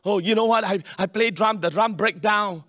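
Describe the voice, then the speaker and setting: A middle-aged man, preaching a sermon in an animated way, often calling out for an amen. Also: sits high, normal speed, dry recording, clean studio sound. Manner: animated preaching with calls for amen, mixes in local slang. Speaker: pastor.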